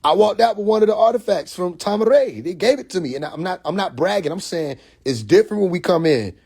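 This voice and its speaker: A man telling a story on a phone livestream, animated and profane, full of restarts and acted-out quotes. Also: high voice, fast, breathy edge. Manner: profane, confrontational. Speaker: livestream host. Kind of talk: casual livestream monologue. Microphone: phone mic.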